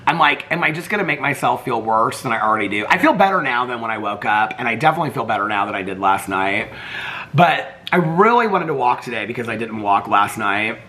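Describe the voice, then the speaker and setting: A man's voice: mid-range voice, animated, quick pace, pushed and bright, slight background noise. An older man vlogging in casual chat, rambling and laughing, a little congested from allergies. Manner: chatty, rambling, often breaks into singing and laughter.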